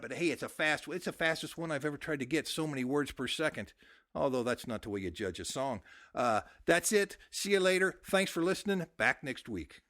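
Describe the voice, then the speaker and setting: In a clean, dry studio recording, a middle-aged radio host from the United States conducts a relaxed phone interview and then signs off the show. He stumbles along with plenty of fillers and restarts. His slightly high voice is animated and a bit bright.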